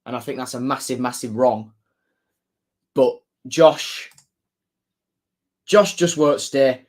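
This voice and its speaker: A man's voice: mid-range voice, slow. A man chatting on a live stream as a football fan, reading out viewer comments, often laughing and repeating his own phrases.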